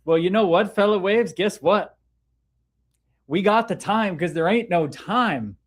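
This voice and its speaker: A man's voice: high voice, unhurried. A man hosting a livestream in a casual, laid-back way, talking about spirituality and greeting viewers by name as he reads their comments. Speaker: livestream host.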